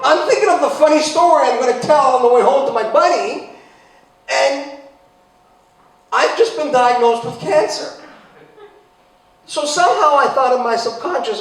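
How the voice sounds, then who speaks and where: A man's voice: extremely high pitch, normal speed, long pauses, recorded from a distance. Sarcastic man telling a story in an echoey hall. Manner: sarcastic storytelling, bursts of loud animated exclamation. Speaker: speaker giving a talk. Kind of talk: humorous personal talk.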